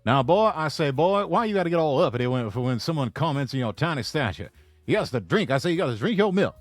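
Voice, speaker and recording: Dude doing a bossy old cartoon rooster, fake southern drawl, "i say boy", loud n swoopy. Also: fairly high pitch, very animated, fast talker, no room sound, soft background music. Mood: lecturing. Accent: American Southern (put on).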